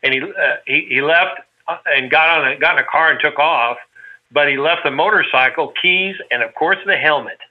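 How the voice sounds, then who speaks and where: A man's voice: fairly high pitch, moderate pace, muffled recording. A man casually reminiscing with a friend, telling a long, meandering anecdote. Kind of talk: casual chat.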